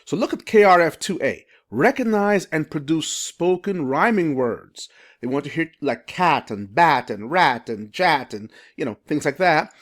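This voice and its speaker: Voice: mid-range voice, lively intonation. Reading teacher explaining phonics to parents, voice goes up and down a lot, stops to ask questions. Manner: sounds out phonics slowly and asks the viewer questions. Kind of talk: educational explainer video.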